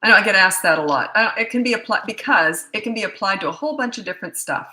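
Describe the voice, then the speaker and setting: A middle-aged woman who works as a parenting coach answers viewer questions, her medium-pitched voice animated, quick and sharp. She rambles chattily and often restarts mid-sentence. The room is roomy and echoey.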